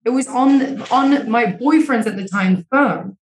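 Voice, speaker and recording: A woman's voice: a little high, measured pace. Frank young woman, echoey room. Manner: emotional, swears freely, many "like" fillers. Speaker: interview guest. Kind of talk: candid conversational storytelling.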